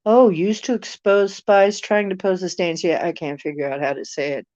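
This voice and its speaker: A woman's voice: lowish voice, steady tone, normal speed, a little mellow, dry recording, dull audio. A woman from the United States hosting a casual live stream, musing aloud and answering viewer comments. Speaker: channel host chatting with viewers.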